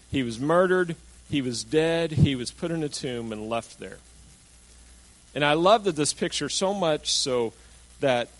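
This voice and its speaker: A man preaching a sermon, telling a Bible story in an animated way and acting out the voices of the people in it. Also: on the high side, low-quality recording. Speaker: pastor.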